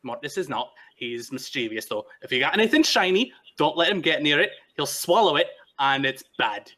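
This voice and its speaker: A man's voice: on the high side, animated, normal speed, sharp tone. A man doing an eager, chattering young wanderer.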